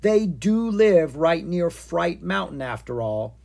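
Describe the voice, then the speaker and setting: A reader voicing a gentle, doting father dragon in a storybook. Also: medium pitch, big pitch swings, slow pace, gravelly, voice pushed up, heavily acted.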